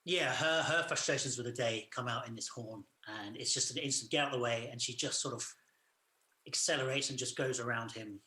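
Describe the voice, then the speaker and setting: A man's voice: medium pitch, brisk, sharp tone, echoey room. A man co-hosting a podcast, casually retelling a film's plot in a loose, rambling way, full of "sort of" and "like". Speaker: podcast co-host. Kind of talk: casual film review chat.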